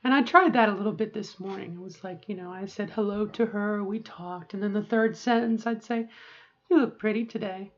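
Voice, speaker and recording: A woman's voice: mid-range voice, fairly quick, few pauses. Candid middle-aged woman, lo-fi video diary. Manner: chatty, candid, self-interrupting. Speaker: vlogger.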